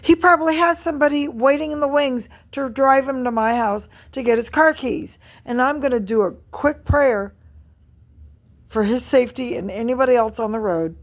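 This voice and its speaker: Middle-aged woman vlogger, slightly high voice, furious profane rant. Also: normal speed. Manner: angry, profane, repetitive venting. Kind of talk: ranting vlog monologue.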